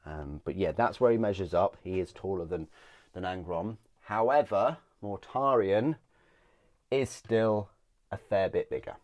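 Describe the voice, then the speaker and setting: A deep-voiced man talks through a product review in a relaxed, unscripted way. He hesitates often, restarts phrases and lets sentences trail off into quiet ums. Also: measured pace, highs cut off. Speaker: miniatures reviewer.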